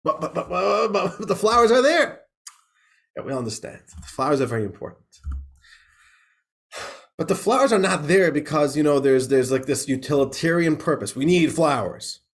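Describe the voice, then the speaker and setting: Chatty rabbi, a bit high-voiced man. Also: lively intonation, moderate pace, pauses often, fairly bright tone. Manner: conversational, laughing, lots of "right?" and restarts. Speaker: rabbi teaching a class. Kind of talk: informal class lecture with a joke.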